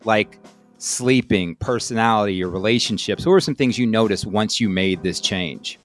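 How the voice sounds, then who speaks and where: A man hosting a podcast, asking questions in a relaxed, conversational way and thinking aloud as he goes. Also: fairly low pitch, normal speed, soft background music. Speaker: podcast host. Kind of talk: conversational interview.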